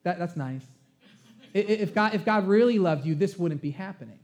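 A man's voice: high voice, lively intonation, brisk, darkish tone. A man preaching a sermon, voicing a sly, taunting male serpent with mocking, needling questions.

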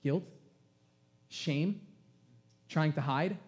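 A man's voice: a little high, very slow, darkish tone. A man who is a pastor, preaching a sermon in an emphatic, conversational way and asking the congregation questions.

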